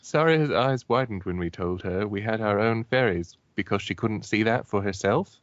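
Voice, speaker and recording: A man's voice: on the low side, normal speed, dry recording. A man hosting a comedic group reading of fanfiction, joking and laughing often, in a dull lo-fi recording. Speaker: fanfiction reading show host.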